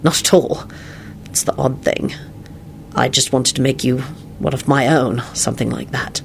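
A storyteller voicing a calm, soft-spoken male wizard with a protective manner. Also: mid-range voice, moderate pace, gravelly, slight background noise, lightly acted.

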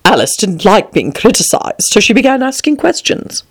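A woman reading a children's storybook aloud, expressive and voicing every character herself. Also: medium pitch, normal speed, hardly any pauses, breathy edge. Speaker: narrator.

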